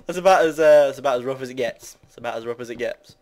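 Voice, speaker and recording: A man's voice: medium pitch, quick pace, a little mellow. Rambling young British man gaming. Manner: rambling, self-mocking, chatty with viewers. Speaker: gamer. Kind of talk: casual Let's Play commentary.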